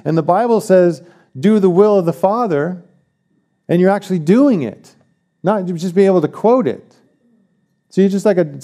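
A pastor delivers a sermon in a high-pitched, mellow voice. He speaks emphatically, repeats key phrases, and puts questions to the congregation.

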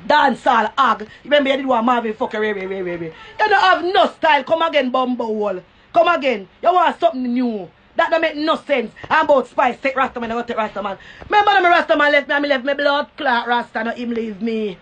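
A woman's voice: sits high, fast, a bit bright, highs cut off. A Jamaican woman ranting on a phone live stream, full of profanity and taunts that keep repeating. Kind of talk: cussing rant on a live stream.

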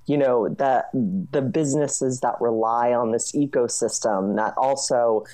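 A woman journalist and author answering interview questions in a brisk, explanatory way. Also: extremely low pitch, fairly even intonation, mellow. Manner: brisk, explanatory, frequent "you know" and "I mean".

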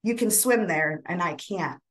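A woman's voice: fairly low pitch, lively intonation, unhurried. A woman storyteller voicing an eager, hungry little male rabbit in a folk tale, in a plain, wistful way.

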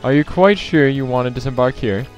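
A man's voice: mid-range voice, brisk, faint music behind, natural voice. A man voicing a courteous, deferential ship crewman who speaks politely and a little hesitantly. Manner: polite, addresses "sir", hesitant.

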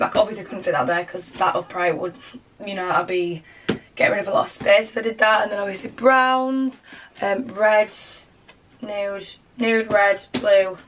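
A young woman with a Yorkshire accent chatting excitedly to camera at home as she sorts her things. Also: medium pitch, a little hiss or hum. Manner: chatty and excitable, talks to camera while sorting. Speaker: vlogger. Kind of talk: casual vlog chat. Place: bedroom at home.

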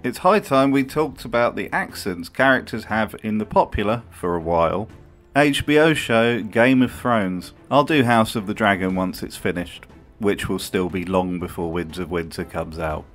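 Dry, sardonic man, low voice. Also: expressive, moderate pace, a bit bright, faint music behind. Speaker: video host. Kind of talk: comedic scripted commentary.

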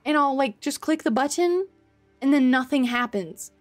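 A woman's voice: high-pitched, expressive, moderate pace, soft background music. A woman streamer giving live gameplay commentary, exasperated, swearing and laughing often.

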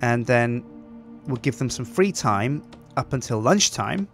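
A man's voice: mid-range voice, lively intonation, measured pace, soft background music. A man hosting game commentary, chatty and upbeat, thinking aloud as he plays. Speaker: host.

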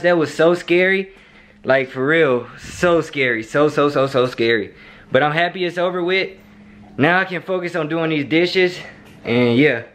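Chatty man vlogging at home. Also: on the high side. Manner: chatty and animated, talks straight to viewers. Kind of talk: casual home vlog. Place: home kitchen, indoors.

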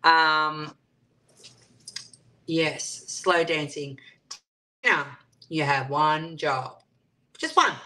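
A woman's voice: sits low, very slow, pauses often, pushed and bright, a little hiss or hum. A woman hosting a live stream, chatting casually and reading out viewer comments and answering them. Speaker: livestream host.

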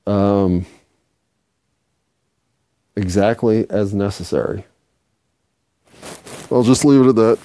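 A man's voice: on the low side, takes it slowly, long pauses, dark tone, dry recording, studio quality. A man hosting a solo podcast, rambling, swearing freely and joking at his own expense. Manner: rambling, profane and self-mocking. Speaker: podcast host.

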